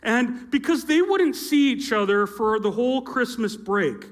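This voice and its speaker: A middle-aged man with an extremely high, expressive voice speaks unhurriedly. He's a youth pastor telling a sermon story on a church stage to a live audience, adding playful asides, with a handheld or stage mic that feeds back.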